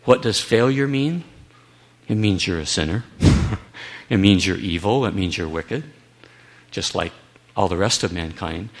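A man's voice: fairly low pitch, fairly bright tone. A man giving an earnest Bible teaching talk, emphatic with occasional wry asides. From United States.

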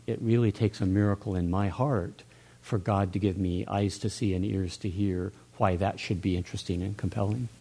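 Older guy in a church talk, low mellow voice, thinks out loud. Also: fairly even intonation, moderate pace, gravelly. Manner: earnest, musing, with restarts and soft laughs. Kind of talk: reflective church discussion.

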